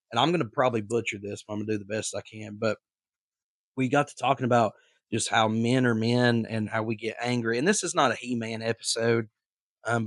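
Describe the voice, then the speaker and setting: A man's voice: medium pitch, no echo, clean studio sound. A man co-hosting a podcast, talking in a casual, earnest way with lots of fillers and restarts. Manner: rambling, filler-heavy, earnest. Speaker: podcast co-host.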